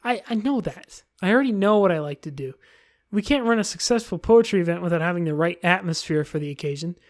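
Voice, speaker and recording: A woman's voice: fairly low pitch, lively intonation, fast, lightly acted. Woman putting on obsessive shy teen Yuri. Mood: timid. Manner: breathless, unsettling adoration.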